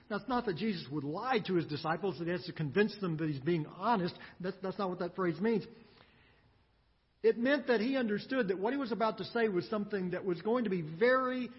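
A man preaching a sermon, earnest and emphatic, with dramatic pauses. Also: sits high, expressive, slightly rough, big-room sound, muffled recording. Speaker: pastor.

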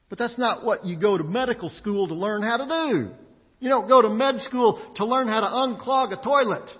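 A man's voice: extremely high pitch, long reverb tail, dull audio. A male pastor preaching a sermon in a conversational way, often repeating words as he goes. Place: church sanctuary.

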